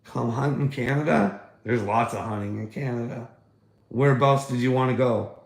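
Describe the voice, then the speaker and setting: A man's voice: mid-range voice, normal speed, gravelly, echoey room. A man chatting casually on a livestream, mocking and swearing at viewers and laughing often. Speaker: livestreamer talking to chat.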